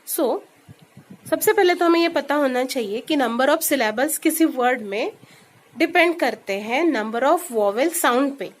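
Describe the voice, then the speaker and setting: A woman teacher with an Indian English accent, giving a classroom lesson in English and Hindi, explaining step by step and repeating each example word slowly. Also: sits high, animated, rough recording. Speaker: school teacher. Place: school.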